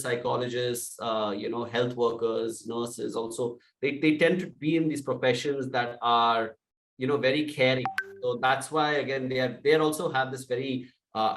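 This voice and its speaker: A man coaching salespeople, speaking loudly and with energy and acting out sample calls. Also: mid-range voice, reverberant, distant mic, rough recording. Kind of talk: sales training talk.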